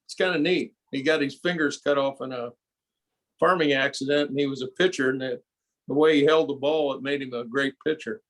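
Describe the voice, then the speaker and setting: A man in casual chat at a club meeting with an ordinary mid-pitched voice. He rambles and halts as he tries to recall details. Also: fairly even intonation, a little fast. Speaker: club member.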